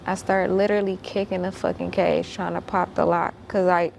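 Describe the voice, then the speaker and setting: Profane woman with a gravelly voice. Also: lowish voice, level tone, normal speed, darkish tone, a little hiss or hum. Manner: blunt, profane and emphatic; repeats and restarts when worked up. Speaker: guest. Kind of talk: storytelling.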